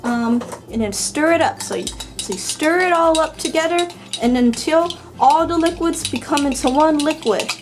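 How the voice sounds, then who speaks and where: A woman's voice: high voice, moderate pace, over music, low-quality recording. A young woman giving a casual cooking tutorial in her home kitchen, chatty, crude and swearing freely, easily grossed out. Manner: easily disgusted, grumbling. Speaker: cooking vlogger.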